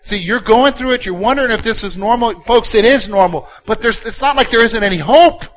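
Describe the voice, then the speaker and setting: Pastor, male, high-pitched voice, dynamic sermon delivery that moves between hushed and loud. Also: a little fast, low-quality recording. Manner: dynamic preaching, swinging from soft to loud and emphatic.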